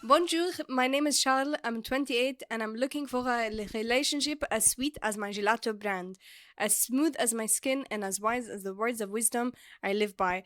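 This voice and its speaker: A woman's voice: a little high, normal speed, a bit bright, dry recording, close to an everyday voice. A woman putting on a flirty French-accented male racer. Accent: put-on French-style. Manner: hammy, teasing.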